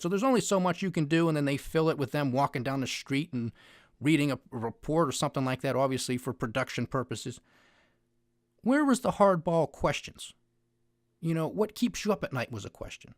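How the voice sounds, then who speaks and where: A man's voice: fairly high pitch, dry recording, studio quality. A man giving an opinionated monologue on finance news, sarcastic and mocking, with heavy emphasis.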